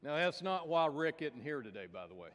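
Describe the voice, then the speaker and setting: A man's voice: on the high side, very animated, brisk, fairly bright tone. A man preaching as pastor, telling stories and jokes in a folksy manner. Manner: folksy storytelling. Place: church sanctuary. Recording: reverberant church hall.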